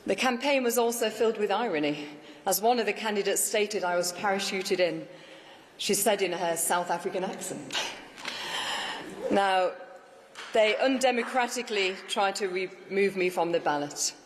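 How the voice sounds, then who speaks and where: A woman's voice: mid-range voice, moderate pace, slight background noise. A woman, a newly elected mayor, delivering an emphatic, rousing victory speech to an audience in a large hall. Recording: echoey hall with faint ambience.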